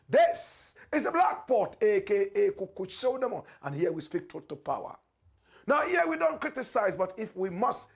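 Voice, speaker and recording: Husky Ghanaian man preaching political commentary. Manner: preacherly, dramatic swings in pitch and loudness, repeated catchphrases. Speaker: show host.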